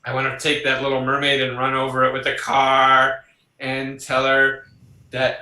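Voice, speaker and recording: A man's voice: mid-range voice, normal speed, echoey room, rough recording. A psychologist being interviewed, telling personal stories in a conversational way and acting out the voices he quotes. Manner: animated, acts out quoted voices, laughs along. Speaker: psychologist guest.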